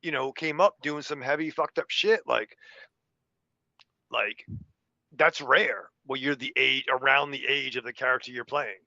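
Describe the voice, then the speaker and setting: A man's voice: medium pitch, a little slow, gravelly, bright, forceful tone, no echo. A man co-hosting a podcast, talking loosely and offhandedly with casual swearing. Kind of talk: casual film discussion. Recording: lo-fi muffled mic.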